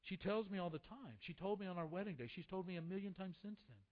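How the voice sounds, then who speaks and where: Impassioned man preaching a sermon, high voice. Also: quick pace, muffled recording. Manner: impassioned, rising then dropping to a hush. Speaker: pastor.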